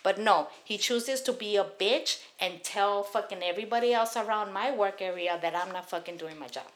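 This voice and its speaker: A woman's voice: mid-range voice, normal speed. A woman in her thirties from Los Angeles, telling a heated, profane story on a casual podcast. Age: 30s. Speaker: podcast host.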